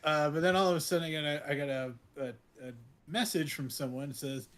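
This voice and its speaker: A man co-hosting a podcast, telling stories in an excitable, rambling way, full of fillers and restarts. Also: on the high side, fast. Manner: excitable storytelling, many fillers and restarts, laughs often. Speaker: podcast co-host. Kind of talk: casual chat.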